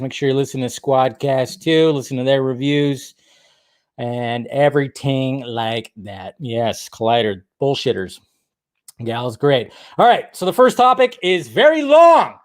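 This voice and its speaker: A man's voice: mid-range voice, no room sound, clean studio sound. A man hosting a movie news channel, talking in a loose, rambling way with lots of fillers and casual swearing. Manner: loose and chatty, swears freely, full of fillers like "like" and "uh".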